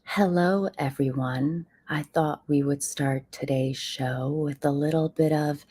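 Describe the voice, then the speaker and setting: A woman hosts a casual livestream, talking straight to her viewers and calling them friends. Her voice sits low. She takes her time, speaking in an unhurried way. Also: steady tone, mellow, husky. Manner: chatty, addresses viewers as friends. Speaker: host of a livestream channel. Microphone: computer mic on a live stream.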